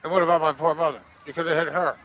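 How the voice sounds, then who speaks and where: A man's voice: on the high side, steady tone, racing, fairly bright tone, rough recording. A man casually commentating a golf video game, joking and cursing back at the game's commentators. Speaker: gaming streamer. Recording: game crowd and noise behind. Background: golf game crowd ambience.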